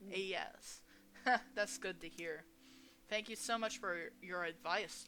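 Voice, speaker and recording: A young woman reading a visual novel aloud as a gaming host, expressive and playful as she voices each character. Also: medium pitch, takes it slowly. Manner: expressive, reads each character's lines with shifting energy.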